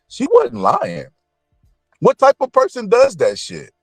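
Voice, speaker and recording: A man giving blunt, profane, opinionated celebrity commentary in an animated ranting manner. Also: a little high, normal speed, no echo.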